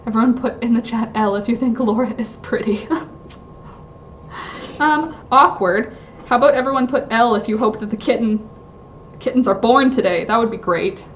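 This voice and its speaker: A woman's voice: a little high, moderate pace, muffled recording, slight background noise. Chatty woman rambling on a livestream. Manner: rambling, chatty, self-interrupting with frequent fillers. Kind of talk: casual live-stream chat.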